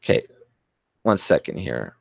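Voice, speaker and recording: A man's voice: rumbling low, very animated, measured pace, gravelly, no echo, studio quality. A man from Canada ranting angrily on his channel, rambling and swearing with many fillers and restarts. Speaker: vlogger. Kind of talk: profane ranting monologue.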